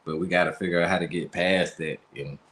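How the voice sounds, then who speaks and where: A man with a very low, deep voice talks. He hosts a casual commentary vlog, loose and conversational, with slang and plenty of fillers. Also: fairly even intonation, brisk, fairly bright tone. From United States. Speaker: channel host.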